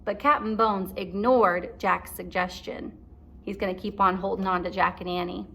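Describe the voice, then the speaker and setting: A woman teacher reading a chapter book aloud to kindergarten children, pausing to ask encouraging questions. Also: medium pitch, fairly even intonation, creaky, fairly bright tone. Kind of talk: read-aloud for young children.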